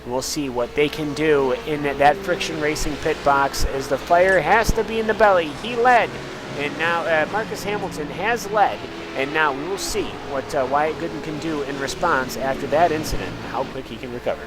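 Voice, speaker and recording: A man's voice: fairly high pitch, moderate pace. A man giving live sim racing analysis on a headset mic, rambling with lots of uhs. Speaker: race commentator. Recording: noisy broadcast audio.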